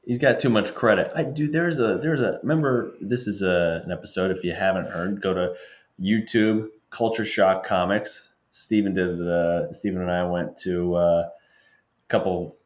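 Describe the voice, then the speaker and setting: A man's voice: sits low, moderate pace, reverberant, highs cut off. A man co-hosting a podcast in casual chat, joking and self-deprecating. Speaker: podcast co-host.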